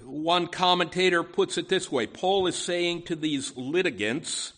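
A man delivers a sermon at an unhurried pace, his voice sitting a little high for a man. He leans hard on key words and scatters "you know" asides between points. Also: a bit bright. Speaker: preacher.

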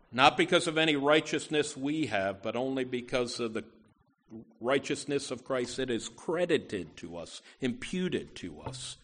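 A man preaching a sermon from the pulpit, earnest and deliberate, often saying "you know" and restarting phrases. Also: mid-range voice, fairly bright tone. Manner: slow, deliberate delivery with emphatic rises. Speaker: pastor.

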